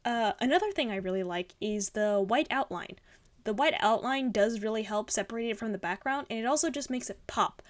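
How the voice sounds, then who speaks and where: Young female art vlogger, bubbly and rambling, slightly high voice, casual critique delivery. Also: fairly quick. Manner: bubbly, gushing, rambling with fillers. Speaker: art channel host.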